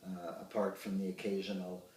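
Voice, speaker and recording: A man's voice: low-pitched, fairly quick. Older man, roomy and distant. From Ottawa, Canada. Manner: anecdotal, expressive storyteller with hesitant fillers. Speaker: actor and puppeteer, interview guest. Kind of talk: reminiscing interview. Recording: roomy sound, distant from the mic.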